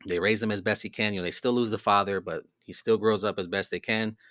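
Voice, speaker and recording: Podcast host, male, low register, loose rambling delivery, dry close mic. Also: fairly even intonation, quick pace, a bit bright, no echo. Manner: rambling, filler-heavy storytelling. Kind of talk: casual monologue.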